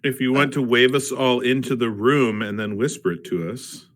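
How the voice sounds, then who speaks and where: A man in a tabletop game session, ribbing the group with quick jokes. His voice is bright and forceful at a middle pitch. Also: steady tone. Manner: teasing, wisecracking. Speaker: player. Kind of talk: casual banter in a tabletop game.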